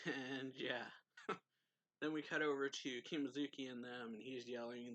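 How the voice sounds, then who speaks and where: A man's voice: medium pitch, flat delivery, normal speed, a bit bright, dry recording. Casual young man recapping a manga. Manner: rambling, loose retelling with many fillers and light laughs. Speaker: anime reviewer.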